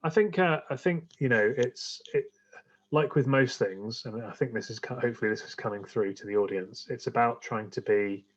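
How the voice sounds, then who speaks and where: A man's voice: mid-range voice, moderate pace, muffled recording. A man, a guest on a podcast, chatting casually and rambling with many fillers and restarts. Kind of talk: casual interview chat.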